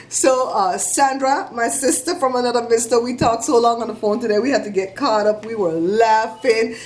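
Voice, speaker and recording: A middle-aged woman vlogger giving chatty, animated shout-outs to her viewers. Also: on the high side, normal speed, few pauses. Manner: chatty, animated storytelling with laughs.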